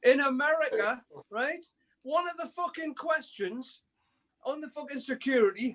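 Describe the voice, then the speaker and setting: A middle-aged man, telling stories as a band member guest in an animated, profane way. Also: very high voice, normal speed. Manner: animated, profane, swears freely. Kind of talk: casual storytelling.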